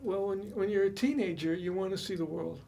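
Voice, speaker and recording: Gravelly older man, relaxed. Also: high-pitched. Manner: relaxed, measured, chuckling. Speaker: co-host. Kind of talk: casual reminiscing chat.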